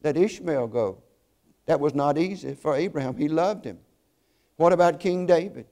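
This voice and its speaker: Warm, earnest male preacher. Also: on the high side. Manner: earnest storytelling, slows for emphasis. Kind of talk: sermon.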